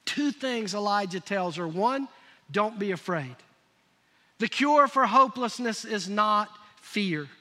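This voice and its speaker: A man's voice: high voice, lively intonation, slow, sharp tone. A man preaching a sermon as pastor, emphatic and prodding his congregation to call out answers. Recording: long reverb of a large hall.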